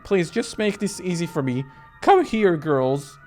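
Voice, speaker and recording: Man playing a panicked nun, shrill, yelling, very lively pitch. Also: a little slow, faint music behind. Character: panicked armed middle-aged nun.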